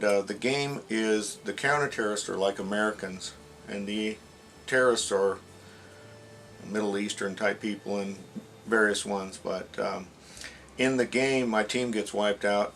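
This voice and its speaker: A man with a fairly low voice recounts a dream straight to camera, earnest and halting as he rambles along. A faint background hum sits under his voice. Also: steady tone, fairly bright tone. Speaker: religious video blogger. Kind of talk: casual dream retelling to camera.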